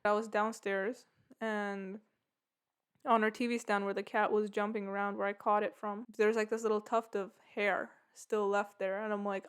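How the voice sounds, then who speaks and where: Chatty woman podcaster, smooth voice. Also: mid-range voice, fairly even intonation, moderate pace. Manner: rambling, lots of "like" and "yeah". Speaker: podcast host. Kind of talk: casual storytelling.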